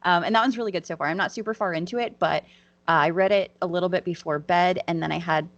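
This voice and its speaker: A woman co-hosting a podcast in casual chat, talking quickly and animatedly and acting out quoted dialogue. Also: lowish voice, a bit bright, dry recording, dull audio. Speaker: podcast co-host.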